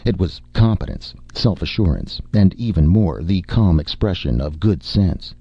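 Audiobook narrator, man, very deep and gravelly, lively dramatic reading, dry close sound. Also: moderate pace, dry recording. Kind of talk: scripted narration. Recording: dull lo-fi recording.

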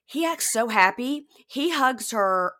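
A woman's voice: fairly high pitch, takes it slowly. A woman co-hosting a podcast, chatting casually and acting out the people she quotes. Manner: animated, acts out quoted people. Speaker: podcast co-host. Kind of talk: casual chat recapping a reality show.

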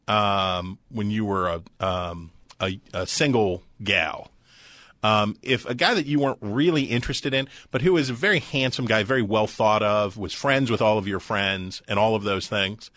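Low bright-toned man, folksy co-host. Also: no echo, studio quality. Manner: rambling, folksy analogies, wry. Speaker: podcast co-host. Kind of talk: casual chat.

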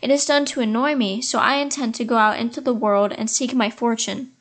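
A puffed-up, haughty little beetle with a sniffy, indignant way of talking, as a woman reading a fairy tale puts him on. The voice sits a little high. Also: steady tone, fairly quick, fairly bright tone. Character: conceited pompous male beetle.

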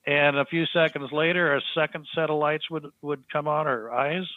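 A man's voice: fairly high pitch, steady tone, no room sound. Guy on a podcast telling his story, lots of uh and restarts, sounds tinny like a phone call. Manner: halting, with frequent restarts and fillers. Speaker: podcast guest. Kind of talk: storytelling in casual conversation.

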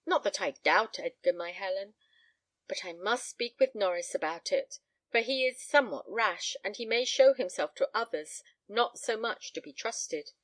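A woman's voice: medium pitch, lively intonation, normal speed, a bit bright, dry recording. A woman voicing a grave, anxious elderly father, speaking solemnly and earnestly.

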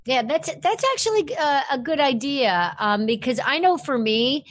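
A woman's voice: high voice, expressive, moderate pace, a little hiss or hum. A woman hosting an interview, asking friendly open follow-up questions. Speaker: interview host. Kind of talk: conversational interview.

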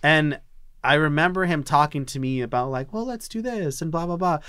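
A young man tells a personal story with raw candor, swearing freely and acting out what was said. His voice is bright and forward, and the sound is dry and close. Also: a little high, normal speed, clean tone, no echo. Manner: candid, profane, animated retelling.

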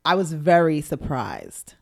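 Frank woman with a lively voice. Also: low voice, measured pace, vocal fry. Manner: frank and laughing, swears freely. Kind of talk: casual banter.

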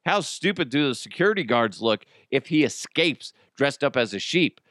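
A man's voice: mid-range voice, sing-song, normal speed, fairly bright tone, no room sound, clean studio sound. A man hosting a casual comedy podcast, mocking news stories with crude jokes and frequent laughter. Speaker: podcast host.

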